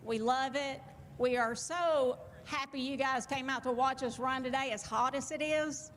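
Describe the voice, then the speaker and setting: A woman's voice: high-pitched, moderate pace, a bit bright, long reverb tail, slight background noise. A woman with a Tennessee twang speaking on a handheld mic, chatty and friendly toward the fans. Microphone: handheld microphone.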